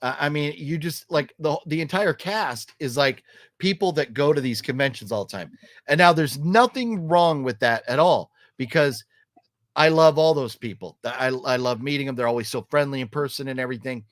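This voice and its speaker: A man's voice: mid-range voice, moderate pace, a bit bright, no echo. Rambling man vlogging in a dry room. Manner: rambling, full of ums and restarts; acts out quoted lines while telling a story. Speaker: vlog host reviewing a horror movie trailer. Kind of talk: casual opinionated chat.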